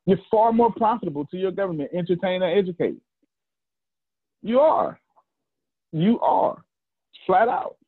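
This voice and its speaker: A man's voice: high voice, lively intonation, a little slow, long pauses, husky, no echo. A man in his forties with a Southern US accent, coaching a group call in a folksy, repetitive style. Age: 40s. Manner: folksy, repeats phrases, counts down, teases listeners. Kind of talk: animated motivational coaching. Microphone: video call. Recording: phone-like lo-fi call audio.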